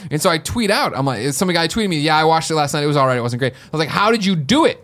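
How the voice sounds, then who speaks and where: A young adult man co-hosting a podcast, telling a story in excitable, animated casual chat. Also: on the high side, racing. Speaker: podcast co-host.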